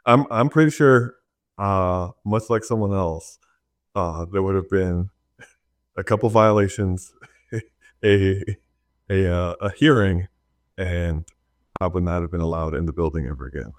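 Deep, dry-voiced male co-host. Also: a little slow, pauses often, no echo. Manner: dry joking, laughs mid-story. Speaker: podcast co-host. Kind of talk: casual chat.

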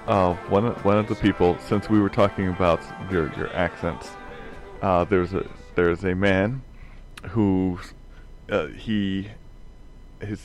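Chuckling man telling rambling stories. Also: deep voice. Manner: rambling anecdotes, chuckling often. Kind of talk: casual chat.

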